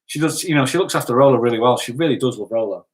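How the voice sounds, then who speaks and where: A man's voice: medium pitch, very fast. A man hosting a casual live stream, reading out viewer comments in a chatty, upbeat way. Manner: chatty, upbeat, laughs easily.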